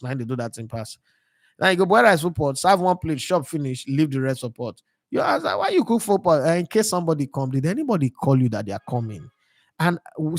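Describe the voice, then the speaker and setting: A man's voice: on the high side, dry recording. Nigerian man telling rambling stories, dry sound. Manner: digressive storyteller slipping into pidgin. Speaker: sports channel host. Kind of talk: casual monologue.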